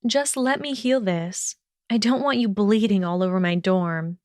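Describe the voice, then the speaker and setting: A woman voicing a sharp-tongued, indignant young witch in a fan audiobook reading, snapping exasperated retorts. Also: medium pitch, unhurried, no echo, clean studio sound, natural voice. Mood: bossy concern.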